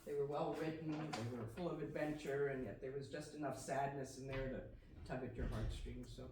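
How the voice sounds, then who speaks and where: A woman author with a Pennsylvania accent telling animated, self-deprecating anecdotes on a library panel. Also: a bass voice, brisk. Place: library meeting room. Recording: echoey room from far off, noisy.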